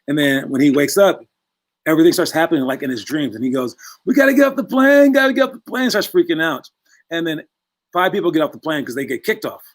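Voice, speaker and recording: A young man coaching his basketball players in a casual, rambling talk full of little asides. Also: mid-range voice. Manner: chatty, rambling, acts out voices in quotes.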